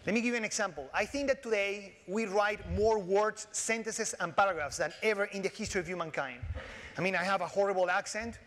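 A man with a Latin American Spanish accent delivers a keynote in a large conference hall, and the long reverb of the room trails after his words. His voice sits high for a man. He jokes with the audience and restarts his sentences often. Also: fairly quick. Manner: animated, joking, with frequent restarts and fillers. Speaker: keynote speaker.

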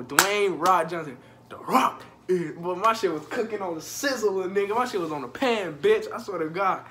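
In a casual vlog, a young man spins a profane, slangy tale and jokes with his viewers directly. He sounds high-pitched, bright, and forceful, with slight noise behind him.

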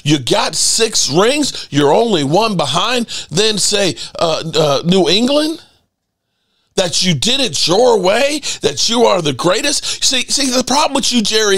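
A fired-up man hosting his own sports channel, ranting hard with cursing and repeated jabs. His voice sits high for a man and leaps all over the place as he hammers each point. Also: fairly bright tone. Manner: heated, profane, repetitive. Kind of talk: ranting commentary.

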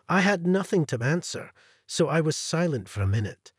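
A man narrating a first-person story in a cold, commanding manner. His voice is husky, with a pitch that rises and falls widely, recorded dry and close. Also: very animated, moderate pace, dry recording.

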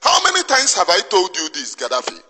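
A man's voice: high voice, wildly swooping pitch, fairly quick, sharp tone, breathy edge. A man with a Nigerian Igbo accent in an impassioned monologue, scolding emphatically and repeating himself. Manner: emphatic, repetitive, preachy scolding. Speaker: activist commentator. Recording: long reverb.

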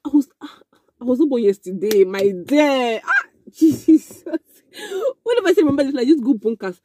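A young woman telling a casual storytime, animated and excitable, with frequent exclamations. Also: high-pitched, normal speed, a little hiss or hum. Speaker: vlogger.

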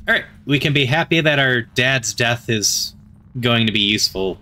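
A man reading a visual novel aloud as narrator, steady and gentle, with casual asides of his own. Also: mid-range voice, moderate pace, slight background noise. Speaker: narrator and player. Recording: faint music behind the voice.

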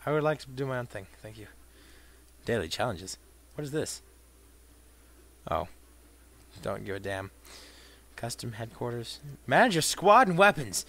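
Man, game commentary, unhurried talk, wildly swinging pitch, profane outbursts. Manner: profane, erupts into shouted insults at enemies; mutters dry asides between outbursts. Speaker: let's play gamer. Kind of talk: gameplay commentary.

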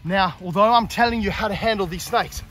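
A high-pitched man gives an energetic snake-handling demonstration outdoors on the grass. He speaks straight to camera and breaks into whoops. Faint music plays behind him. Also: brisk. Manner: energetic and excitable, with whooping calls. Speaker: snake handler and show host. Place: outdoors on grass in hot weather.

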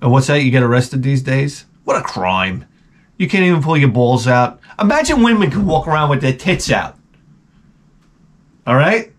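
In a sing-song, mid-range voice at a moderate pace, a middle-aged Long Island, New York vlogger delivers a casual, wandering monologue, a profane and sardonic story.

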